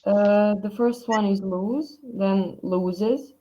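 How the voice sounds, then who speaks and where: Slow careful woman student. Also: medium pitch, dark tone, dull audio, a little hiss or hum. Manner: careful, listing forms.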